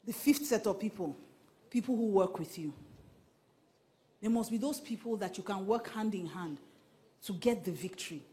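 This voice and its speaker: A woman pastor with a Nigerian accent, preaching a sermon in an animated, repetitive style that slips into pidgin. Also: mid-range voice. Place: church.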